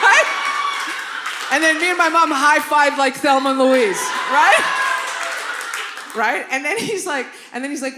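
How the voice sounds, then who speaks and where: A woman's voice: sits high, normal speed, background noise. A woman doing a stand-up comedy set in a live theatre, telling brash, profane stories and acting out the people in them. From Canada. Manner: brash, profane, animated storytelling with acted-out quotes. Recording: echoey theatre with audience laughter.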